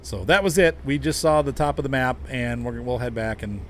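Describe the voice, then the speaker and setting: A man's voice: mid-range voice, fairly quick, a bit bright, a little hiss or hum. A middle-aged man hosting a casual gaming livestream, chatting and chuckling as he talks to his viewers. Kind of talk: casual livestream chat while playing.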